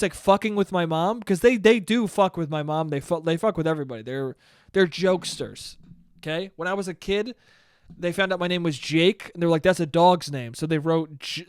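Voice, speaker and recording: A young man hosts his own podcast, telling a long story in a loose, profane ramble that keeps flaring into loud disbelief. His voice sits high for a man. The sound is close and dry, with no room around it. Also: smooth, no room sound. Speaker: podcast host. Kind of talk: solo podcast monologue.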